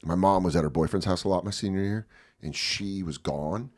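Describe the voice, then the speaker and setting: Guesting on a podcast, a forties-aged man with a low voice talks a little fast as he tells a story. He swears freely, stays animated, and does loud character voices.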